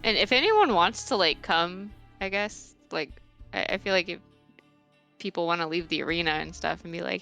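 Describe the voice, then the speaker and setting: Female tabletop player, bright tone, lively pitch, hesitant with likes. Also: moderate pace, vocal fry, faint music behind. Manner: hesitant, filler-heavy. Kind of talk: tabletop game play.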